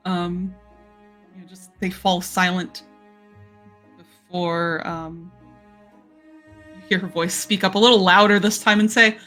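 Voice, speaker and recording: A woman acting as game master, narrating a tabletop game in a relaxed, hesitant way with many fillers. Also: lowish voice, measured pace, pauses often, soft background music.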